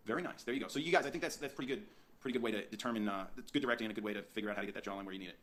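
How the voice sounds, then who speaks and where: A man teaching portrait posing in his photo studio, directing a subject with energetic, repetitive coaching. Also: on the low side. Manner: rapid, energetic coaching with frequent restarts and repeats.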